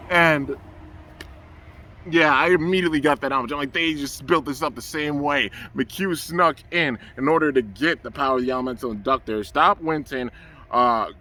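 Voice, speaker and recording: A man excitedly reviewing a cartoon episode outdoors under the trees, rambling and enthusiastic and often saying "man". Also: a little high, moderate pace, slight background noise. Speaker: anime reviewer.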